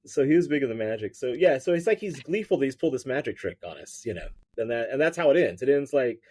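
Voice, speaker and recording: A man's voice: mid-range voice, very animated, fast talker, darkish tone, breathy edge. A man, a writer guest on a podcast, telling a story in casual chat, rambling with fillers and restarts.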